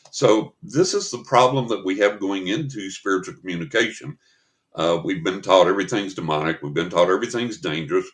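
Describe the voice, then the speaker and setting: A man with a lowish voice tells a story on a paranormal talk show. He talks in a casual, chatty way and slips into the voices of the people in his story. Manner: animated storyteller acting out voices in quotes.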